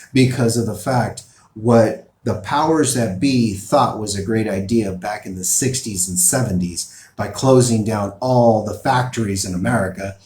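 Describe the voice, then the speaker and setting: A man's voice: mid-range voice, darkish tone, roomy sound. A man giving opinion commentary, reading out news articles and pressing his points emphatically. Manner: emphatic, rising and falling in bursts.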